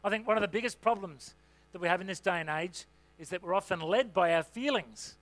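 A man who is a senior pastor, preaching a sermon in a relaxed, conversational way with lots of "you know" fillers. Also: high-pitched, fairly quick.

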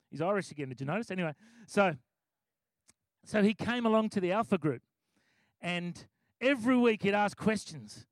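A man's voice: sits high, quick pace, long pauses, no echo. A middle-aged Australian man sharing a testimony in a sermon, enthusiastic and conversational. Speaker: preacher giving testimony.

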